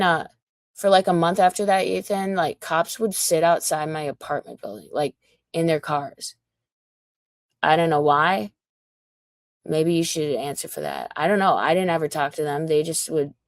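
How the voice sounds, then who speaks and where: A woman talks slowly into a dry, close mic, her low-set voice full of gravelly fry. She rants casually on a livestream in a mocking, taunting manner and swears freely. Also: no echo. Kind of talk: casual ranting livestream monologue.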